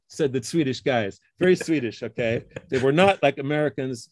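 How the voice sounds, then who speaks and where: A middle-aged man, a computer science professor, talks through research history in a relaxed interview and often checks in with "okay?" and "huh?". He acts out the colleagues he quotes. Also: a little high, moderate pace, hardly any pauses, no echo. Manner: explains with frequent tag questions like okay and huh. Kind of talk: casual interview conversation.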